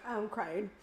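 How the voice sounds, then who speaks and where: A woman's voice: mid-range voice, slight background noise. Young woman co-host, teary and pained. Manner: groaning, breathless complaints. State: in pain from hot chip, teary. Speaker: podcast co-host. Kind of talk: casual chat.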